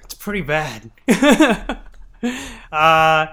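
A man co-hosting a comedy podcast tells a show recap in loose, profane fashion, laughing between lines. His voice is bright and forceful, a little high for a man. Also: big pitch swings, drawn-out words, clear, resonant tone. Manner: profane, giggly storytelling. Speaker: podcast co-host.

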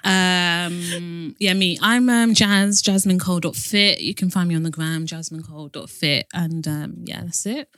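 A woman co-hosting a podcast, playful and quick to giggle. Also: on the low side, a bit bright, no room sound. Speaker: podcast co-host. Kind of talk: casual chat.

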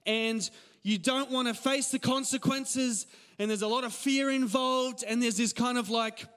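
A male pastor in his thirties with an Australian accent, giving a casual, animated sermon full of stories and laughs. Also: very high-pitched, unhurried, clean tone, long reverb tail. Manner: conversational, animated storytelling with laughs. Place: church hall.

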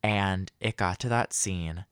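A man's voice: sits low, takes it slowly, a bit bright, smooth, dry recording, clean studio sound. A young man hosting a casual solo podcast, rambling and self-deprecating with lots of fillers. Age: young adult. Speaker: podcast host.

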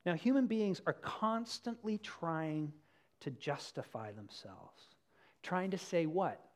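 Animated preacher swinging loud and soft. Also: medium pitch, slow pace. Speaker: pastor. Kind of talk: sermon.

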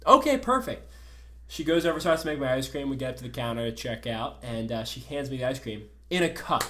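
A man with a South Jersey accent, co-hosting a podcast in casual chat, telling a story in a loud, ranting, swearing way. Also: medium pitch, fast talker, roomy sound. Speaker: podcast co-host.

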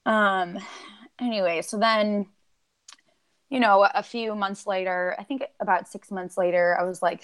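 A woman's voice: medium pitch, fairly bright tone. A woman guest on a podcast, talking casually and at length with many "like"s and "um"s, acting out her own remembered lines. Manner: rambling, lots of "like" and "um", acts out her own quotes. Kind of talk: casual chat.

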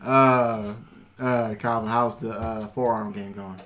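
A man's voice: fairly low pitch, steady tone, slow pace, a bit bright. A man hosting a casual podcast, teasing his co-hosts and joking around. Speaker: podcast host. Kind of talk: casual chat.

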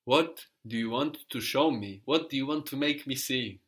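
Man, language teacher, patient, encouraging, step-by-step explanations, mid-pitched voice. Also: moderate pace, fairly bright tone. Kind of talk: interactive language lesson.

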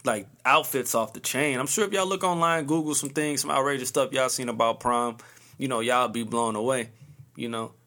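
A man in his early thirties hosts a solo podcast, talking in a laid-back, rambling way packed with slang. His mid-range voice is pushed and bright, at a moderate pace.

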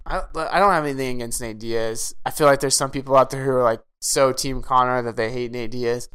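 Smooth-voiced enthusiastic male podcast host. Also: mid-range voice, fairly even intonation, fairly quick, a bit bright. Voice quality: enthusiastic, fan-style rambling with restarts. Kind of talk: casual chat.

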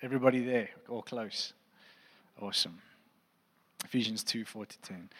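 A man's voice: on the low side, moderate pace, long pauses, slightly rough, long reverb tail. A man preaching a sermon, earnest and heartfelt, with frequent fillers and restarts.

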